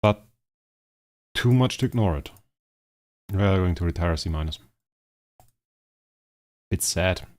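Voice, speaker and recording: Hoarse low-voiced male game streamer. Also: unhurried, long pauses. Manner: excitable, frets over a rival player, talks to chat. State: hoarse, strained voice. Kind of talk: live gaming stream commentary.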